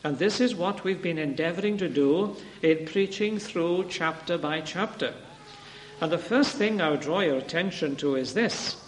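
A man with a high-pitched voice delivers an emphatic sermon, hammering home his points by repeating them. The sound carries a long reverb from the hall, with a faint hiss underneath. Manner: emphatic, repeats key phrases. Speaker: preacher. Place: church.

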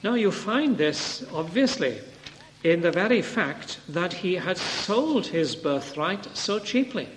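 A man with a high-pitched voice delivers an emphatic sermon, hammering home his points by repeating them. The sound carries a long reverb from the hall, with a faint hiss underneath. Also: sing-song, slow. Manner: emphatic, repeats key phrases. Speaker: preacher. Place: church.

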